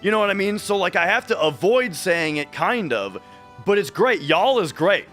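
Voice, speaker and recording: A man's voice: high voice, big pitch swings, moderate pace, fairly bright tone, soft background music. A man from Minnesota with a light Minnesotan accent, chatting casually on a speedrun stream and restarting his sentences often. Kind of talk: casual livestream chat.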